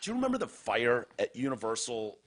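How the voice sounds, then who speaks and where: A Midwestern American podcast host talks a little fast in a mid-range voice whose pitch swoops wildly. He keeps the casual banter blunt and sarcastic, with a good deal of swearing.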